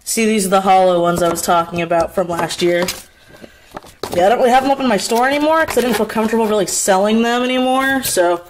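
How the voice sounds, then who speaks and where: A woman's voice: medium pitch, fast, noisy background. A woman artist vlogging casually, swearing a lot as she vents, then chatting while she shows her prints. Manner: profane, ranting, then chatty showing prints. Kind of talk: casual vlog.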